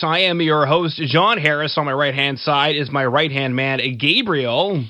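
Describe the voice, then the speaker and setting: A man from Canada hosts a casual podcast interview, upbeat and quick to laugh. His voice sits a little high and sounds bright and forceful. The sound is dry and close, with no room around it. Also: no room sound, dull audio. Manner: upbeat, laughs often, jokey. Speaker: podcast host.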